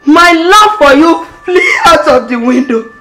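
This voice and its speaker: A woman's voice: very high voice, expressive, measured pace, fairly bright tone, slight background noise, exaggerated voice. An actress playing a despairing wife in her thirties who laments her hardships tearfully and says she is leaving, in a Christian film drama.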